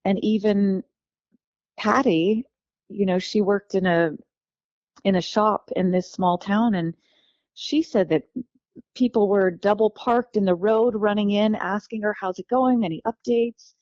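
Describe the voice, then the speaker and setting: A woman from California, a guest telling her life story in a lively, warm way, acting out the voices of the people she quotes. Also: medium pitch, unhurried, long pauses, no room sound, highs cut off.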